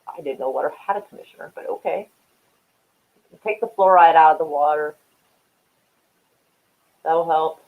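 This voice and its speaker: A woman's voice: deep voice, normal speed, gravelly, pauses often. Foul-mouthed woman streamer, tinny audio. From Oklahoma. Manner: profane, rambling, often laughing at herself. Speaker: livestream host. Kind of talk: casual livestream chat reacting to viewers.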